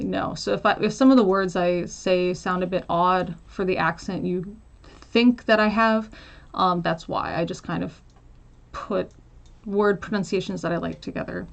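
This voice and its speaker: A woman's voice: lowish voice, gravelly, fairly bright tone. An American woman casually chatting on a livestream, answering viewer questions with frequent laughs and fillers. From United States. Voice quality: chatty, laughs often, many fillers and trailing asides. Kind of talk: casual chat.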